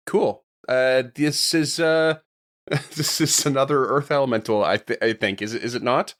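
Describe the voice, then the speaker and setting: A man's voice: medium pitch, normal speed, a bit bright. Giggly easygoing male co-host. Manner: easygoing, laughs often, hesitant fillers. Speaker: podcast co-host. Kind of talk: casual podcast chat.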